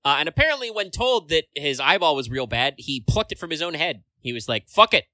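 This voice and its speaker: A man's voice: on the high side, expressive, brisk, pushed and bright, dry recording. A man co-hosting a casual podcast chat, rambling along with lots of filler words and casual swearing. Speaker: podcast co-host.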